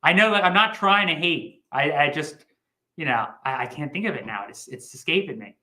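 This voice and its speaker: A man hosting a livestream, pitching comic books in a chatty, rambling way with jokey asides. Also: animated, fairly quick, pushed and bright, reverberant, rough recording. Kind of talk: casual sales pitch chat.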